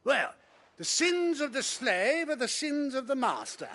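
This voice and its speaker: A high, bright, sneering voice of a cruel nobleman. He draws out his words slowly, swinging his pitch wide with haughty scorn. A theatrical game villain. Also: big pitch swings, full character voice. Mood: scornful. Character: arrogant cruel nobleman, middle-aged man. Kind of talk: video game voice acting.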